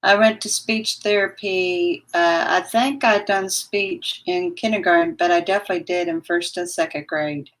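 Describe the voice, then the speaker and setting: A woman's voice: lowish voice, steady tone, normal speed, few pauses, poor audio. A woman chatting casually on her livestream who says she has trouble with her W sounds and coos at her dog in baby talk. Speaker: vlogger reading live chat.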